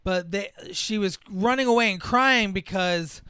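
A man with a high, bright, clear voice, recorded dry and close. He talks casually about a film and keeps breaking into animated, exaggerated impressions. His talk is full of swearing. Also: unhurried, no echo. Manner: animated, acts out quoted characters in exaggerated voices, swears freely. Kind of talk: casual movie discussion.

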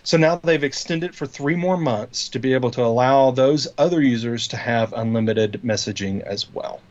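A man's voice: mid-range voice, normal speed, highs cut off. A man co-hosting a podcast in casual tech chat, rambling and explaining with many fillers and restarts. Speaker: podcast co-host.

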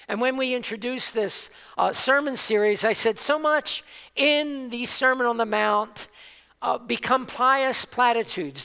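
A man preaching a sermon as pastor, slow and emphatic, with dramatic pauses and repeated stresses. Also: extremely high pitch, bright, forceful tone, clear, resonant tone. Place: church sanctuary. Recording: long hall reverb.

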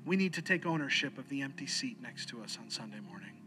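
A pastor preaching an earnest sermon, slowing and dropping low to press his points. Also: expressive, music in the background.

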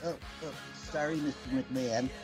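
A man's voice: mid-range voice, steady tone, moderate pace, a little mellow, faint music behind, voice pushed down, natural voice, rough recording. A man doing a timid, stammering photographer. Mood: nervous. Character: timid, nervous male wrestling photographer.

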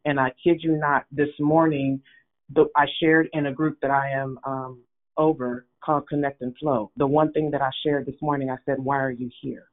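A woman's voice: a bass voice, flat delivery, normal speed. A woman calling in to a prayer line, giving an earnest, upbeat testimony. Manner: earnest, upbeat, talks with many fillers. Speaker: caller sharing a testimony. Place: phone call. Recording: phone line.

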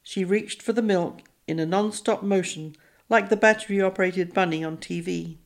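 Female audiobook narrator, measured, slightly low voice. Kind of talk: scripted narration.

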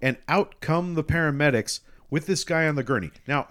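A man's voice: on the high side, moderate pace. A man co-hosting a podcast in casual chat, reviewing a movie with frequent laughter and swearing. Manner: laughing, profane, animated storytelling. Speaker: podcast co-host.

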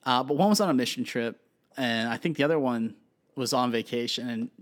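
A man in his thirties co-hosting a podcast, telling stories in a lively, chatty way with plenty of fillers. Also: medium pitch, a little fast. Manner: animated storytelling with many fillers. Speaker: podcast co-host. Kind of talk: casual chat.

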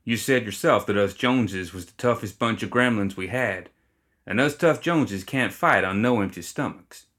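A man's voice: fairly low pitch, moderate pace, a bit bright. A man voicing a goofy, reckless male gremlin gang leader who talks in a lazy, easygoing drawl.

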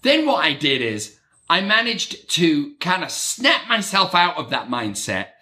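A middle-aged man delivers a motivational monologue. His voice sits a little high and rings bright, swinging widely in pitch. He slips into his own inner voices as he tells his story. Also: big pitch swings, measured pace. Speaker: real estate agent and podcast host.

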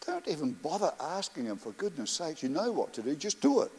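A middle-aged man preaches with a voice pitched a little higher than most men's. He tells stories and stacks up phrases in steady lists. He drops into soft, reflective asides as he talks. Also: fairly quick, few pauses, slightly rough. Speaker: pastor. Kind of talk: sermon.

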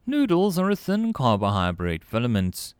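A man voicing a polite, cryptic, many-eyed tentacled alien noodle vendor in a storybook reading, with a deep, wet, formal way of speaking. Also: big pitch swings, normal speed, dry recording, studio quality, natural voice. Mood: courteous, cryptic. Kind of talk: audiobook character voice.

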